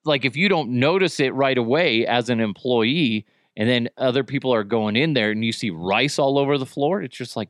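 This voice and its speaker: A man's voice: mid-range voice, moderate pace, few pauses, dry recording, studio quality. A man hosting a podcast in a casual, rambling monologue, joking and swearing as he talks. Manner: rambling, jokey, profane. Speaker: podcast host.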